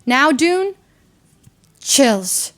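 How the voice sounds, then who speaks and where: A woman livestreamer in casual chat with her viewers, rambling and animated, often laughing at herself and restarting her sentences. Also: sits high, extremely slow. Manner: rambling, animated and self-deprecating, with frequent restarts.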